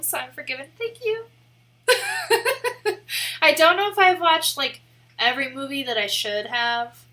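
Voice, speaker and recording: A young woman from the American Midwest, chatting casually on a live stream in a rambling way, full of "like" and quick laughs. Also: sits high, pushed and bright. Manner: chatty and rambling, heavy use of "like", laughs often. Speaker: photography streamer.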